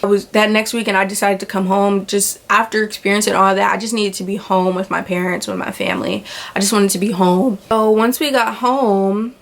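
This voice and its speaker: Woman, young adult, casual storytime, lively retelling, lots of "like". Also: medium pitch, brisk, gravelly, few pauses, a little hiss or hum. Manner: animated retelling, acts out quoted voices, filler "like" often. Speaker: vlogger.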